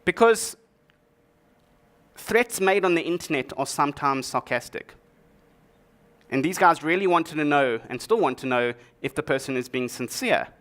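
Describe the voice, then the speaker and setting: Man, conference speaker, slightly high voice, dry humor, sarcastic asides, tech talk. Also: animated, moderate pace, long pauses, fairly bright tone. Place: conference stage before an audience.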